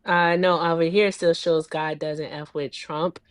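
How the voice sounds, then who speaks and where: A woman co-hosts a casual livestream, upbeat and chatty with the host and the chat. Her voice sits a little low, recorded dry and close. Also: flat delivery, moderate pace, clear, resonant tone, no echo.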